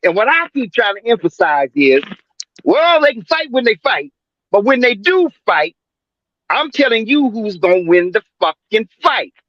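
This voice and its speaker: Man in his seventies, high bright voice, lively up-and-down delivery, rambling and emphatic, fillers and restarts, slightly dull online call audio. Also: moderate pace, dry recording. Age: 70s. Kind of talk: casual profane sports debate.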